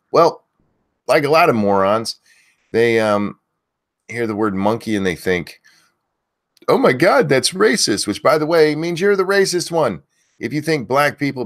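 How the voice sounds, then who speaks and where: A man hosting a casual live stream, loudly calling out viewers' names and talking frankly with mild swearing. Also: lowish voice. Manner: loudly calls out viewer names, then drops back to easy talk. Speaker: host of a live stream show.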